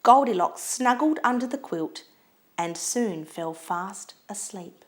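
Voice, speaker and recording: Slow, lively woman reading a storybook. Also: medium pitch. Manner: expressive, slow and lilting.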